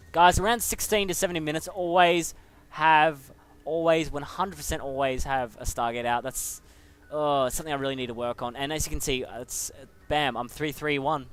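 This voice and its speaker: A man's voice: mid-range voice, a bit bright. Chatty young man. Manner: chatty, self-mocking, hums and exclaims. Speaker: player commentating his own match. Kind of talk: casual game commentary.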